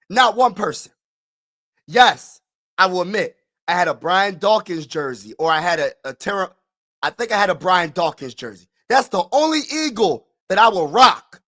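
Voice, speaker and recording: A middle-aged man from Pennsylvania vlogging as a sports fan, talking in an animated, emphatic way, repeating himself and sometimes shouting. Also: sits high, normal speed. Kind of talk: excited casual fan vlog.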